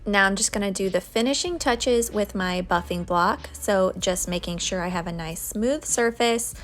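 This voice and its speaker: A woman's voice: medium pitch, normal speed, faint music behind. A young woman doing a casual nail tutorial voice-over, chatty and friendly, laughing now and then. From United States. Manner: chatty, laughs while telling stories.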